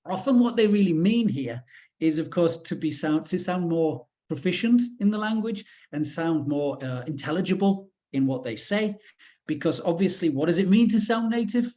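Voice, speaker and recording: A man's voice: high voice, expressive, moderate pace, mellow. A man from the UK presenting a teacher-training webinar, talking in a chatty way with frequent fillers.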